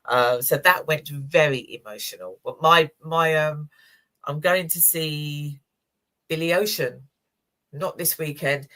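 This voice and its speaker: Low-voiced woman in her sixties. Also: takes it slowly. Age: 60s. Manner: warm, emotional storytelling with laughs. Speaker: co-host. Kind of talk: casual chat.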